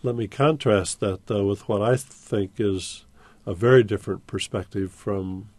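A man's voice: lowish voice, measured pace, a little mellow. A man hosting a call-in radio discussion, thoughtful and stopping to restart his phrases. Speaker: radio talk show host.

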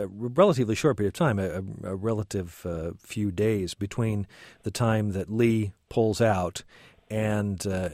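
Deep, mellow male radio host. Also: no echo, clean studio sound. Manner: halting, stammered restarts when asking questions. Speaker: radio talk show host. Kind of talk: radio interview.

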